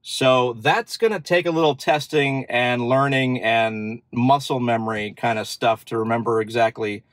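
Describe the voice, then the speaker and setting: A man's voice: mid-range voice, fairly even intonation, moderate pace, a bit bright, no room sound. Chatty man demoing car features. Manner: chatty, upbeat, thinks aloud with fillers. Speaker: car channel host. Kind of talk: casual demo walkthrough. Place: inside a parked car.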